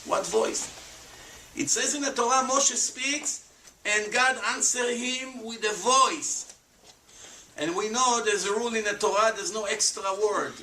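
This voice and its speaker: A man, giving an animated lecture to an audience as a rabbi and acting out the voices of skeptics. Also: high voice, unhurried. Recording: echoey room, voice from far off, faint background noise.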